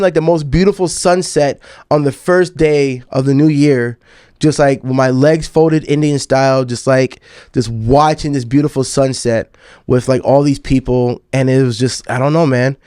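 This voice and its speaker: A man in his thirties, a podcast host and DJ, recounts a long personal story in a laid-back, profane way, often calling the listener "dog." His voice sits fairly high and is a little mellow. The recording is dry and studio quality.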